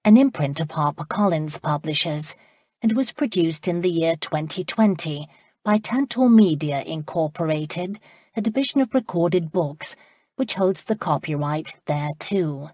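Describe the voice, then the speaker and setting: A woman narrates an audiobook in a measured, expressive reading. Her voice sits low with a husky grain. The recording is close and dry, with no room sound. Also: no echo. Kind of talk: scripted narration.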